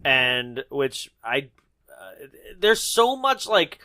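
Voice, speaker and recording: A man's voice: medium pitch, sing-song, extremely slow, pushed and bright. A man co-hosting a casual movie podcast, joking, swearing and laughing often as he acts out scenes. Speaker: podcast co-host. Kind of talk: casual movie-review banter.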